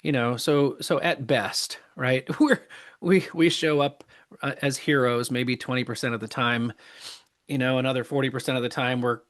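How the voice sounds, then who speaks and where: Earnest middle-aged man, halting speech. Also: mid-range voice, steady tone, fairly bright tone. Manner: earnest, halting, many restarts. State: choked up with emotion. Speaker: podcast guest. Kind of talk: casual interview talk.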